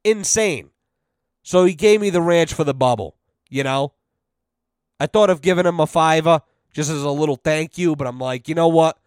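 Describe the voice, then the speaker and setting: A man's voice: fairly high pitch, normal speed, smooth, no room sound, clean studio sound. A man hosting a podcast, telling a rambling, profane story in a wry, casual way. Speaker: podcast host.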